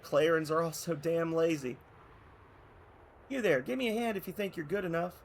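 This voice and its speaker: A man doing a brash, high-pitched hothead. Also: normal speed, slight background noise, close to an everyday voice. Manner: brash, scornful, urgent. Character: hot-headed man scorning lazy neighbors.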